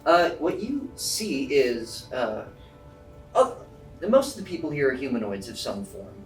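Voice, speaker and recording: Animated man running a tabletop game. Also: medium pitch, a little slow. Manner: lively, chatty narration. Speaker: dungeon master. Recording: roomy distant mic, faint music.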